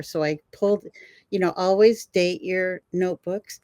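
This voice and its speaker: An older woman, a guest herbalist, telling animated stories in an interview and laughing often. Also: fairly low pitch, unhurried, dry recording. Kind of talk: storytelling in an interview.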